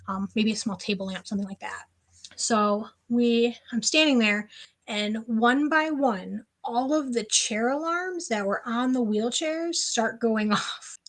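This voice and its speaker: A woman guest on a podcast interview, telling a personal story in an animated, casual way, full of "like" fillers. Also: fairly high pitch.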